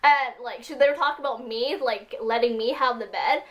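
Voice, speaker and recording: High-voiced woman rambling through a story. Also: a little fast. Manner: rambling and upset, packed with "like" and "freaking". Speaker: vlogger. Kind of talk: casual storytelling to camera.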